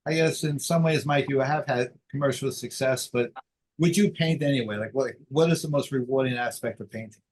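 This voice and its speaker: A man's voice: mid-range voice, a little fast, darkish tone, slight background noise. A man hosting a casual interview, asking easygoing, loosely phrased questions.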